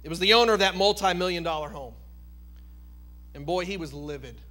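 A male pastor tells a story during a sermon, emphatic and animated. His voice sits high for a man, and his tone is bright and forceful. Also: brisk, pauses often.

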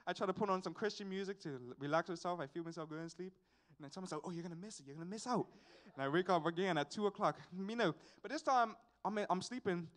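A young man from Bermuda giving an earnest, casual testimony sermon, telling a personal story with chuckles between points. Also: high voice. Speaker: young preacher at a graduation service.

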